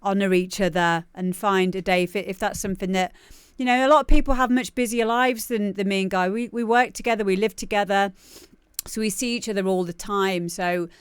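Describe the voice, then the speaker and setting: A woman's voice: medium pitch, fairly even intonation, fairly quick, clean tone, no room sound, clean studio sound. A woman hosting a livestream show, chatting casually and giggling, rambling with lots of fillers.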